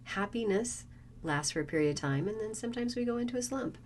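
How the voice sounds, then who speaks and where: A woman's voice: a little high, animated, fast, darkish tone. A woman interview guest who runs a wellness business, speaking in a reflective and reassuring way. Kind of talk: conversational interview. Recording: faint background noise.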